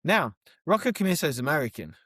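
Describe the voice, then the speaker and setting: A man co-hosting a podcast, telling animated, overexcited stories in casual chat. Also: a little high, fast talker, dry recording, studio quality. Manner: animated storyteller, gets overexcited. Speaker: podcast co-host.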